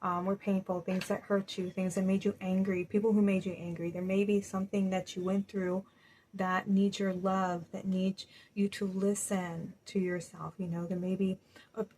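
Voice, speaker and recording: A woman giving a gentle spiritual reading to viewers, reassuring and casual, with many "you know"s. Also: mid-range voice, little pitch movement, normal speed, slight background noise, poor audio. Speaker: spiritual card reader. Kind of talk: intuitive tarot-style reading to viewers.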